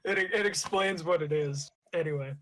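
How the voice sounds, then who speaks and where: A man's voice: a little high, moderate pace, pushed and bright, slight background noise, poor audio. A man hosting a podcast, chatting casually and explaining things in a rambling way. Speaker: podcast host reading a script. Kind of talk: casual chat.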